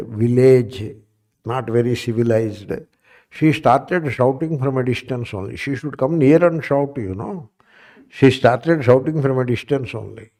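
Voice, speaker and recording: A man lectures on Vedanta in a dark, mellow voice at a medium pitch. He repeats his key points and often checks in with the listeners. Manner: repetitive, asks the listeners questions. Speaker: Vedanta teacher. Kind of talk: spiritual class lecture.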